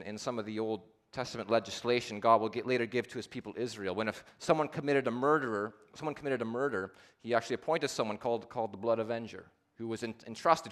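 A male preacher delivering a sermon with strong swings in volume and intensity. He builds to loud, impassioned climaxes, then drops to near-hushed endings, and sometimes slows right down to stress a point. His voice sits at an ordinary middle pitch for a man. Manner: dynamic delivery, swings between loud emphatic peaks and low hushed endings; slows to a deliberate, repeated emphasis.

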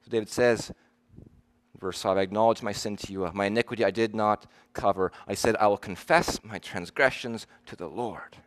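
A man preaching a sermon, earnest and emphatic, slowing down to stress the verses he quotes. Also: lowish voice.

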